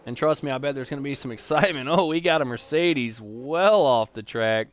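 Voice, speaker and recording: A man with a Texan accent calling a sim racing league live, chatty between races and excitable play-by-play once the lights go out. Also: mid-range voice, brisk, slight background noise. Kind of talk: live esports race commentary.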